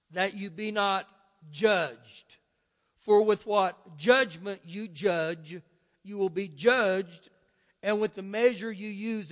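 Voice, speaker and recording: A male pastor preaching an earnest, emphatic sermon in a church, drawing out key words of scripture for stress. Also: sits high. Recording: long reverb of a large hall.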